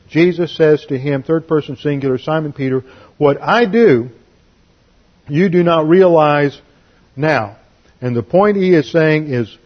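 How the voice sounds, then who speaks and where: Male pastor, husky mid voice, emphatic verse-by-verse teacher, muffled lo-fi sound. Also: on the high side. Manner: emphatic, spells out Greek words. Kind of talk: expository Bible teaching.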